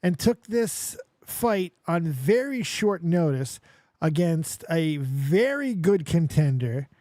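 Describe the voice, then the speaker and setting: A man hosting a live stream, chatting casually and excitably as he reacts to clips. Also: fairly high pitch, takes it slowly, no room sound, clean studio sound. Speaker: streamer and podcast host.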